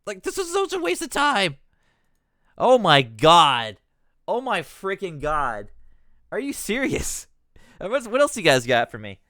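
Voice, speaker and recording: A man's voice: sits high, wildly swooping pitch, normal speed, bright, forceful tone, no echo, clean studio sound. A man streaming live, swearing and ranting with exasperation, rambling and cutting himself off as he talks. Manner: rambling, self-interrupting.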